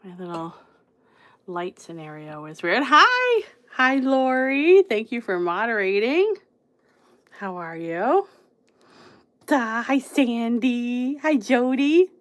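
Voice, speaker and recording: A woman's voice: a little high, very animated, slow pace, long pauses, fairly bright tone. A woman in her thirties hosting a psychic reading livestream, greeting viewers by name in casual chat and laughing often. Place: home room with card decks on shelves behind.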